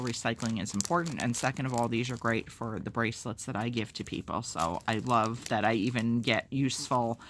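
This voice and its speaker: Excitable woman rambling to her phone cam at home, casual vlog chat, pokes fun at herself. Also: very deep voice. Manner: self-deprecating humor. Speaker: vlogger opening fan mail. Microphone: phone camera.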